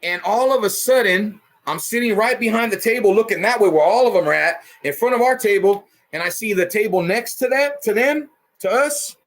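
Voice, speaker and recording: A man casually telling a rough story in heavy profanity and street slang, punching it up with sound effects. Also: high voice, fairly quick, hardly any pauses. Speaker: storyteller host.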